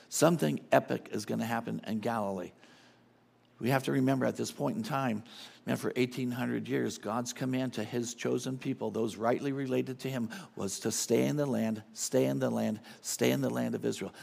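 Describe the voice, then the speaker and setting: A man's voice: medium pitch, vocal fry, a little mellow, breathy edge. A middle-aged man preaching a sermon as a guest speaker, emphatic and casual, often repeating his phrases.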